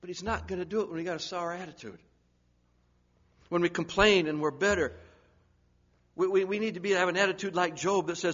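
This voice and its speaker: A man preaching a sermon, swinging from loud urgent pleading down to hushed, near-whispered lines. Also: sits high, fairly even intonation, a little fast, pauses often, dull audio.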